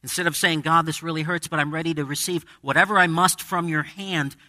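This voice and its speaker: A man's voice: on the high side, steady tone, a little fast, pushed and bright, dry recording, studio quality. A man preaching a sermon as pastor, conversational, with dramatic quoted asides. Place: church with a congregation.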